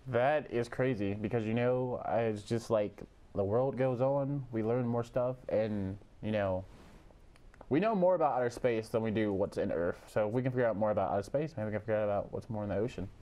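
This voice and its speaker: A man's voice: lowish voice, brisk, warm tone. A young man co-hosting a casual student podcast in a laid-back, joking way. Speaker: co-host.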